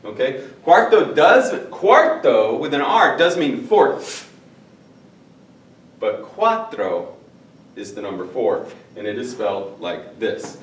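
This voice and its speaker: A man's voice: mid-range voice, animated, unhurried. A man teaching a Spanish class at a whiteboard, joking between number drills. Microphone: far camera. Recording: echoey classroom from far off.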